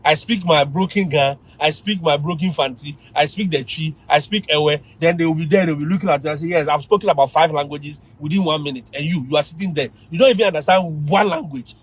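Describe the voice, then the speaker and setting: Ghanaian guy teacher, husky higher voice, chatty livestream pep talk, laughs a lot. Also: fast talker, few pauses, poor audio. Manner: animated, mimics students, laughs often. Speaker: teacher giving advice.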